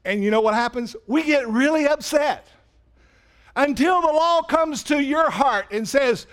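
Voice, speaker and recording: A man preaching a sermon in a church, animated, swinging from loud emphasis to quiet asides. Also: unhurried. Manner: animated preaching, rises loud for emphasis then drops low. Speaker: pastor. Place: church sanctuary.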